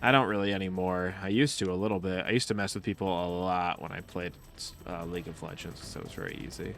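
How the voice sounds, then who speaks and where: A man's voice: deep voice, steady tone, fast, creaky, a bit bright, soft background music. A man chatting casually and profanely while streaming a video game, rambling through stories and laughing often. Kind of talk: casual live-stream chat while playing.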